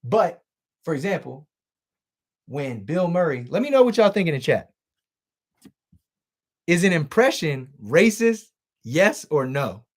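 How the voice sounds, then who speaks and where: A male streamer talking off the cuff from a home setup, loose and profane. His pitch swings widely as he talks, lively and animated. He reads out viewer comments and throws questions to the room. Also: unhurried, long pauses. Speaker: livestream host. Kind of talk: casual chat with stream viewers.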